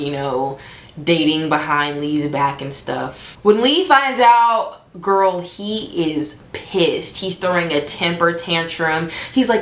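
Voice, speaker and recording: A woman's voice: fairly low pitch, a bit bright, echoey room. A woman talking casually to her viewers, chatty and opinionated, laughing often and getting heated. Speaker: video host. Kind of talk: casual commentary on a romance trope.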